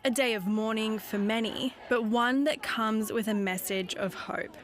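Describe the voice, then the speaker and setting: A woman with an Australian accent reading a scripted news voice-over, crisp and deliberate. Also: a little high, noisy background. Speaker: news reporter.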